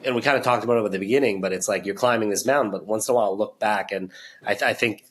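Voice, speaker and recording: A man hosting a podcast, chatting in a relaxed, reflective way with frequent restarts and casual fillers. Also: on the low side, rapid-fire. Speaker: podcast host. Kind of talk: casual chat.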